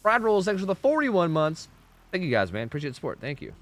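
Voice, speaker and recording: Lively laid-back male game streamer. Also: on the high side, fast talker. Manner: laid-back, swears often, chats with viewers. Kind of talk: casual live gameplay commentary.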